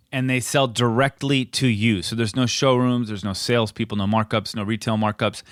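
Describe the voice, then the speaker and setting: A man's voice: on the low side, a bit bright, no room sound, clean studio sound. A man in his forties co-hosting a casual podcast, chatting in an easygoing way and doing a host-read ad.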